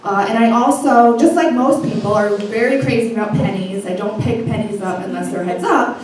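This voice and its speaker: A woman's voice: a little high, fairly quick, a little mellow. A young woman telling a funny, profane personal story to a live audience, laughing as she goes. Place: live stage before an audience. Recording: echoey hall from far off, faint noise.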